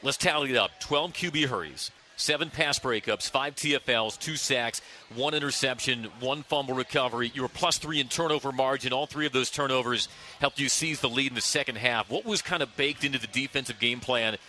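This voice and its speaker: Man, sports radio host, very bright sharp tone, upbeat and smooth. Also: medium pitch, brisk, slight background noise. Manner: upbeat, smooth, reads stats crisply. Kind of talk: radio sports talk interview. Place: outdoor brewery patio at a live radio show.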